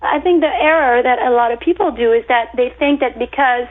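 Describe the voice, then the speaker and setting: A woman's voice: high voice, fairly quick. A woman from France with a French accent, a bakery owner talking emphatically and repeating her words as a guest on a casual radio interview. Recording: tinny phone-like line.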